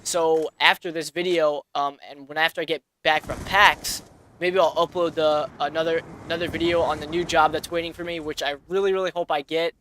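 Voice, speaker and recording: A man's voice: on the high side, fairly even intonation, brisk, fairly bright tone, a little hiss or hum. A man in his twenties telling a personal story in a casual vlog, rambling with many fillers and restarts. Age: 20s. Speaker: vlogger.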